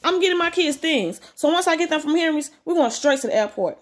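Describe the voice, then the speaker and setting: A woman voicing an angry young father who shouts curt demands about his children. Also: high-pitched, lively intonation, fast talker, noisy background, voice pushed up. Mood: accusing.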